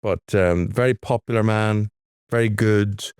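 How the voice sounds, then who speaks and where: Co-hosting a podcast in London, an Irish man chats casually and tells anecdotes, acting out the voices of the people he quotes. His voice sits fairly low with a darkish, clear, resonant tone and a measured pace, recorded in a clean studio with no room sound.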